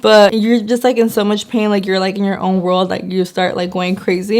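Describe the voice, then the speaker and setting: A woman's voice: mid-range voice, fairly even intonation, fast talker, hardly any pauses. A young woman vlogging to her viewers in a loose, chatty way. She peppers her sentences with "like" and slips into acted-out bits of what people said to her. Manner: chatty, lots of "like", acts out quotes. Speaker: beauty vlogger. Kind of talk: casual storytelling vlog.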